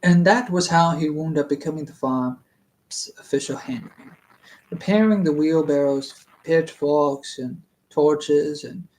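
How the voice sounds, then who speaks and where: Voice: medium pitch, measured pace, darkish tone. A reader reading a fantasy book aloud casually, stumbling, laughing at slips and drifting into rambling asides. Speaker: audiobook reader.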